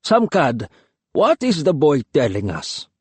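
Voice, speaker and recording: A man's voice: on the high side, huge pitch swings, takes it slowly, husky, no room sound, exaggerated voice. A man voicing a stern old village elder. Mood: demanding. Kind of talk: audiobook character reading.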